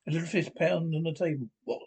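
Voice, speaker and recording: Man reading a storybook aloud, halting. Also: a little high, steady tone, darkish tone, low-quality recording. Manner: halting, with frequent restarts and slips. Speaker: reader.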